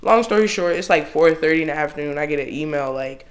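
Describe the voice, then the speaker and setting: A man in his thirties with a slightly high voice tells a long story among friends. He is loose and profane, and he leaps up in pitch whenever he acts out what he said. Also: fast talker. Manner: animated, profane, jumps into exclaimed quotes. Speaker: podcast co-host. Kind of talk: casual storytelling chat.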